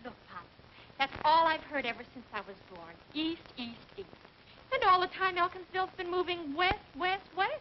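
A sassy young daughter teases her father with a dramatic flair. Her voice sits high. The old soundtrack is dull and faintly hissy. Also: expressive, normal speed. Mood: teasing. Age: young adult. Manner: teasing, dramatic. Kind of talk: 1940s film comedy acting. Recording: dull 1940s film soundtrack with faint hiss.

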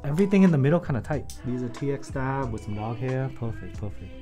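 A man riffing through a casual livestream as he works, excitable and quick to swear. His voice sits in an ordinary middle pitch, and he jokes with his viewers between tasks. Soft music plays faintly behind him. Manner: excitable, profane, joking, talks to chat. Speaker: keyboard builder streamer. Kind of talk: casual livestream commentary while building.

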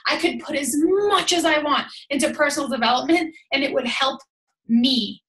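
A woman coaching her team over a call, energetic and emphatic, chatty with lots of "like"s. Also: high-pitched, normal speed, roomy sound. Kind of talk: motivational team call talk. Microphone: call audio.

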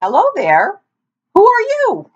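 This is a clever young boy , voiced by a woman reading a storybook aloud, eager and sure of himself as he lays out his plan. The voice sits higher and sings up and down. The recording sounds dull and lo-fi. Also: very animated, a little slow.

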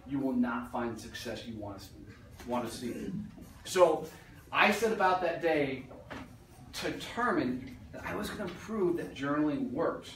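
A man's voice: fairly high pitch, fairly bright tone, slight background noise. A man giving a motivational talk to a business audience, blunt and joking, swearing casually. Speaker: motivational speaker. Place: meeting room. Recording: roomy echo from far off.

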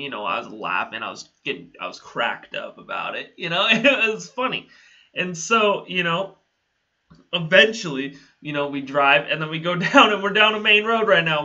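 A man's voice: fairly high pitch, pushed and bright, lo-fi sound. A young man telling a casual story to his channel, rambling, laughing often and swearing freely. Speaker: vlogger.

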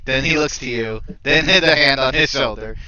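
A man playing a tabletop game, playful and quick to laugh. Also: medium pitch, pushed and bright, no echo, lo-fi sound. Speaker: player.

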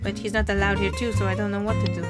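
A woman's voice: mid-range voice, little pitch movement, very fast, loud music behind the voice, natural voice. A woman voicing a sheepish chef. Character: chef, a gentle apologetic man.

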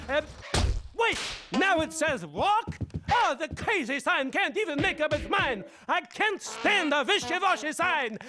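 A man voicing an excitable Swedish comedian who rants indignantly about everyday things, with a Swedish accent. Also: extremely high pitch, background noise, heavily acted. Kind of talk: cartoon voice acting.

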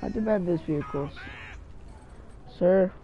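Young guy gaming commentary, excitable, slightly high voice, faint background noise. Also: a little slow, highs cut off. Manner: excitable, mild swearing, talks to himself. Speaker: gaming channel host. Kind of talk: live gameplay commentary.

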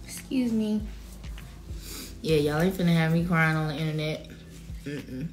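A woman's voice: sits low, a little slow, darkish tone, faint music behind. A woman in her thirties on a casual, emotional livestream, choked up and holding back tears as she thanks viewers by name. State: teary, choked up. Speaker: singer addressing livestream viewers.

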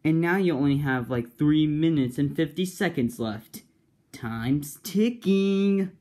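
A man voicing a boastful cloaked male villain who shouts taunts and threats. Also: a little high, animated, takes it slowly, voice pushed up. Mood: taunting.

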